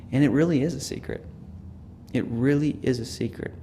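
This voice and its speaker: Sharing personal stories in an earnest, reflective lecture, a male theology professor lowers his voice to a hush whenever he quotes someone. He speaks at normal speed with a medium pitch, and there's slight background noise.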